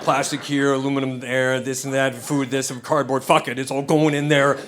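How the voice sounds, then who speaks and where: A man's voice: medium pitch, level tone, a little fast, a bit bright, a little hiss or hum. An American man telling a profane stand-up story, acting out both sides of the dialogue on a comedy club stage. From United States. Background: audience laughter.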